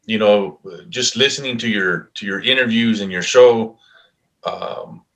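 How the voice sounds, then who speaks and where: Host, male, lowish bright voice, hesitant and reflective. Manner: halting, many fillers, reflective. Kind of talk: interview chat.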